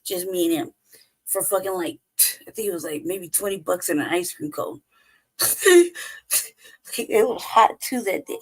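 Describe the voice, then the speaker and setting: A woman's voice: on the low side, expressive, a little slow, pauses often, poor audio. A woman in her forties telling stories in a blunt, profane, casual rant, laughing often as she goes. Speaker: podcast co-host.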